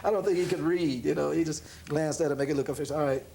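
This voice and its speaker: A man, a jazz pianist being interviewed, telling a story in a relaxed way, laughing often and acting out the voices of the people in it. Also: on the high side, fast talker, creaky, background noise. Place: room in an apartment.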